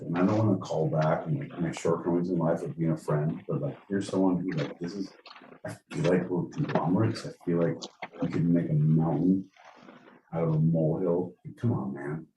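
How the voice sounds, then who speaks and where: A man's voice: low voice, normal speed. A man co-hosting a podcast in casual comedic chat, rambling, profane and jokey. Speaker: podcast co-host. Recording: roomy, distant mic with faint noise.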